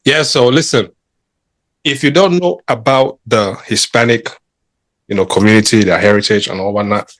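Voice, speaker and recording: A man from Africa co-hosting a podcast, joking around in an animated way and often saying "I beg.". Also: fairly low pitch, normal speed, no room sound. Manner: jokey, animated, repeats "I beg". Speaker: podcast co-host. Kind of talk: casual podcast chat.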